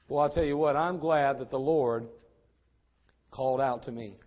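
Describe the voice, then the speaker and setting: A man preaching a sermon at a church service, animated and acting out the voices of people in his stories. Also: medium pitch, moderate pace, long pauses, highs cut off. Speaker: pastor.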